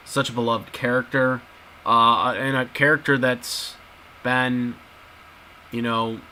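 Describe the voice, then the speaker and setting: A man's voice: mid-range voice, pushed and bright, slight background noise, poor audio. A man in casual video commentary, talking to his viewers and repeating his points emphatically. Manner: repetitive, emphatic, addresses viewers as guys. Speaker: YouTube commentator.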